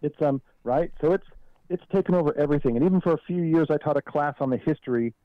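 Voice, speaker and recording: A man from Southern California tells stories as a podcast guest, dry-humored and joking as he goes. His voice sits a bit higher than most men's. The sound is dry and slightly dull, like a lo-fi line. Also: fast, no echo. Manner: wry, joking storyteller. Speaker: guest author. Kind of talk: casual interview storytelling.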